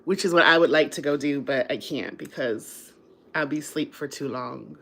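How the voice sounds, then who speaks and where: Bright-voiced woman chatting on a live stream. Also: sits low, normal speed, vocal fry. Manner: chatty, laughing often, reads viewer comments aloud; sleepy after eating. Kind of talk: casual live stream chat.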